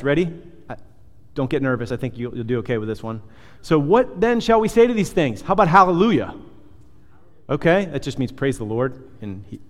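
A man preaching a sermon as pastor, animated and conversational, firing off rhetorical questions and dropping into softer asides. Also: high voice. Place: church hall. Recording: long hall reverb.

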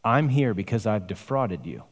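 An earnest, humble man, as a preacher reads him in a story, confessing in a low, plain voice. Long reverb trails each phrase. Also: big pitch swings, moderate pace. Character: humble repentant man, former tax cheat.

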